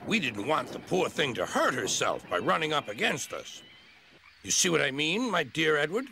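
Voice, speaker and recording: A man's voice: on the high side, big pitch swings, moderate pace, gravelly, bright, forceful tone, slight background noise, pitched above the performer's own voice, full character voice. A man voicing a proud, pompous big express engine in a children's cartoon, speaking condescendingly.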